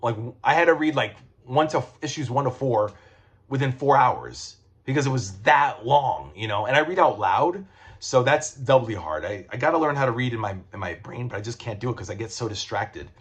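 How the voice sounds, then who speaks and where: A man's voice: medium pitch, animated, normal speed. Man, comic book reviewer, casual rambling talk, profane, lots of ums and restarts.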